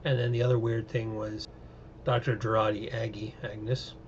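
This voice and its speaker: A man's voice: on the low side, level tone, normal speed, lo-fi sound, slight background noise. A man giving a casual, opinionated recap and review of TV episodes, rambling with many fillers. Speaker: show reviewer.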